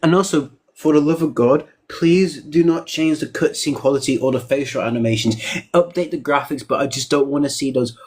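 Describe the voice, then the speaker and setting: A man's voice: fairly high pitch, fairly quick, darkish tone, breathy edge. A man in casual podcast chat, opinionated and emphatic, with frequent "you know" asides. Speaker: podcast co-host.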